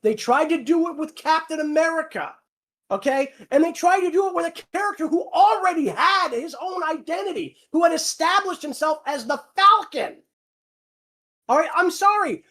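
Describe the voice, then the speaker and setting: High-pitched voice actor going off on a profane rant, keeps repeating himself, live q&a. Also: lively intonation, moderate pace, pushed and bright. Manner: heated, profane ranting; emphatic, repeats words. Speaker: voice actor on a fan channel. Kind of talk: livestream Q&A rant.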